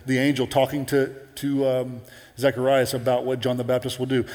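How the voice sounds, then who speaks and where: Animated man preaching in an echoing hall. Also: mid-range voice, a little fast. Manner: animated, conversational, with playful asides. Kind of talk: sermon.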